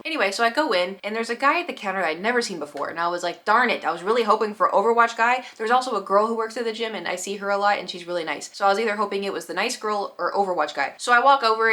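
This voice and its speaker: A young woman telling a storytime vlog, animated, acting out other people's lines in quick quoted voices. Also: medium pitch. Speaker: vlogger. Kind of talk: casual storytime.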